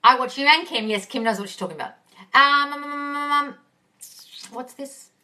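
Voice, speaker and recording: A woman's voice: high voice, normal speed, sharp tone, recorded from a distance. A woman coaching on a phone live stream, reading viewer questions aloud and answering them bluntly and casually, calling everyone darling and swearing freely. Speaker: manifesting coach.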